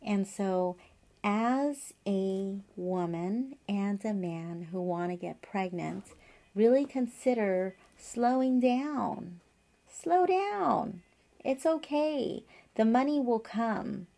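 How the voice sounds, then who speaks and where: A woman's voice: medium pitch, slow, dark tone. A woman in her forties, an acupuncturist, telling a rambling personal story to camera from her office with lots of fillers and asides. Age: 40s. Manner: chatty, digressive storytelling with many fillers. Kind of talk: casual advice monologue to camera.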